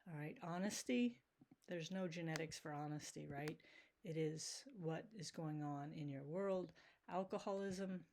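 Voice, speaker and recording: Casual teacher, keeps asking "right?". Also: female voice, sits low, a little slow, a little mellow, a little hiss or hum. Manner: casual, checks in with frequent "right?". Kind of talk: recorded video lecture.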